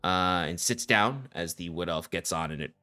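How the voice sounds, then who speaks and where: A man narrating as game master of a tabletop game with unhurried description. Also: low voice, bright, forceful tone.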